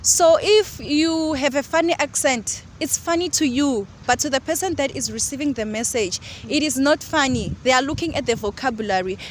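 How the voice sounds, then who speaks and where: A woman co-hosting a casual outdoor discussion, giving earnest advice and making self-deprecating jokes. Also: high voice. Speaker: co-host. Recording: outdoor street noise, passing vehicles.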